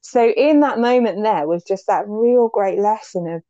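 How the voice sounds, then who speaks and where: A woman's voice: medium pitch, moderate pace, dark tone, no echo, muffled recording. A woman, telling a personal story as an interview guest, heartfelt and reflective.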